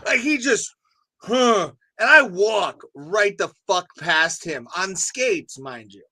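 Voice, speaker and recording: A young man co-hosting a podcast, telling stories in a lively, profane, casual way. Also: sits high, slow. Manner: animated storyteller, swears freely. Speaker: podcast co-host. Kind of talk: casual chat.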